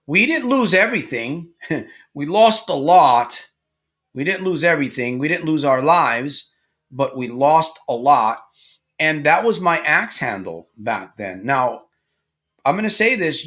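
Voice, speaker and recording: In a live-stream motivational talk, a middle-aged problem gambling coach addresses a live audience in a slightly high, sharply bright voice. He tells stories animatedly and acts out their characters.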